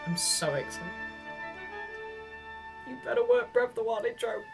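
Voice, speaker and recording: A woman streaming a video game live, reacting in an excitable, giggly way and cheering the character on. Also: on the high side, normal speed, music in the background. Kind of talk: live gameplay commentary.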